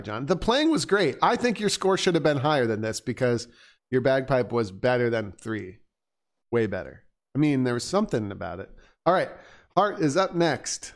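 A man's voice: mid-range voice, big pitch swings, moderate pace. A man co-hosting a casual show, chatting in a rambling, teasing way as he reviews a listener's bagpipe playing. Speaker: podcast co-host reviewing bagpipe submissions. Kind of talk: casual chat.

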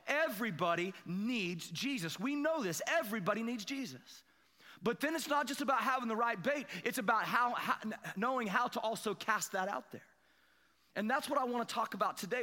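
A man preaching a sermon, telling a self-deprecating fishing story and building to excited emphasis. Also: high-pitched, long reverb tail. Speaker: pastor. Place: church sanctuary.

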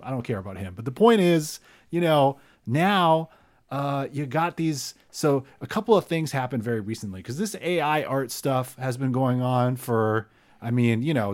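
A man in casual conversation, wry and argumentative, laying out his thesis with quick asides. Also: mid-range voice, a little mellow. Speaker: podcast guest. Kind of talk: casual chat.

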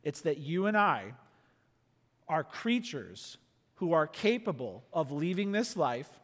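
A man preaching a sermon in an earnest, emphatic way, often dropping to a quiet, intense tone. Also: fairly high pitch, big pitch swings, slow pace, in a large hall. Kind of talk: sermon teaching.

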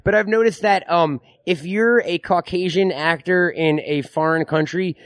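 A man hosts a podcast, firing off questions and crude jokes and cutting into his guest's answers. His voice sits a bit high for a man. The recording is dry and close. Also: moderate pace, no echo. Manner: joking, crude, interrupting. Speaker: podcast host. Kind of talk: casual interview chat.

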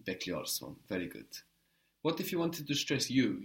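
A man's voice: medium pitch, huge pitch swings, normal speed, gravelly. A man teaching a language lesson, patiently prompting a student with short praise.

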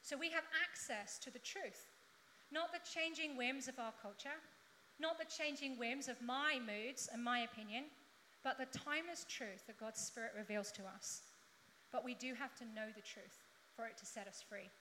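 Before her congregation in a church hall, a woman delivers a chatty sermon laced with funny asides. She speaks at a moderate pace in a slightly high, bright, forceful voice, recorded in an echoey space with faint background noise.

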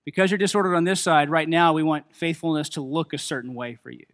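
A pastor preaching a sermon to his church, a man with a high, bright voice. He talks in a loose, casual way, full of fillers and restarts, and pokes fun at himself as he goes. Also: fast. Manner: casual, self-deprecating preaching with many fillers.

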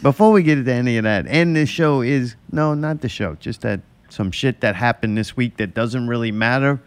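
A man's voice: medium pitch, normal speed, clear, resonant tone. A man hosting a casual podcast chat, blunt and profane, teasing his co-hosts. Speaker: podcast host.

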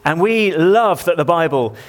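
A man's voice: fairly high pitch, animated, normal speed. A male pastor preaching a sermon in a church, talking conversationally and putting questions to the congregation.

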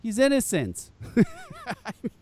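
Male podcast host, animated profane storyteller, high lively voice. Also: a little slow. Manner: animated, profane, laughs often. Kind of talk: casual storytelling chat.

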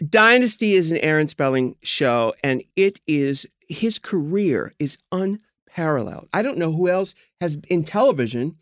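A man in playful, theatrical podcast chat. His pitch swings widely and expressively, and the sound is close and dry with no room echo. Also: animated, moderate pace, few pauses, fairly bright tone. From San Diego, USA. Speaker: podcast co-host.

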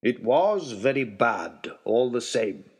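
Guy doing a kindly hearty host in a storybook, gentle but firm, husky-ish. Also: mid-range voice, big pitch swings, slow pace, heavily acted. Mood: stern. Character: gentle, hearty, stern-edged old host.

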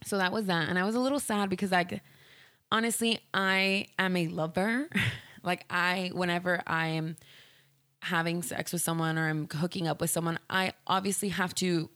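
A woman's voice: fairly low pitch, steady tone, moderate pace, fairly bright tone, no echo. Candid rambling podcast host, woman. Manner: candid, rambling, heavy use of "like". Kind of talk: casual solo podcast storytelling.

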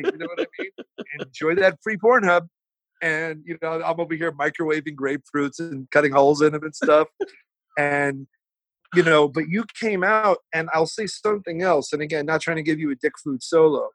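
A man talking as a podcast guest in a casual remote chat, chatty and profane with quick asides. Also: a little high, fairly bright tone, no echo. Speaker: podcast guest, TV food host. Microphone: remote call.

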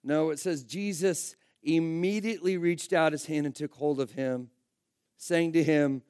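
A male pastor preaches in a high-pitched voice, talking to his congregation like a friend. He swings between loud emphatic bursts and quiet asides. The sound is dry and close, with no room echo. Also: normal speed, clean tone. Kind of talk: sermon.

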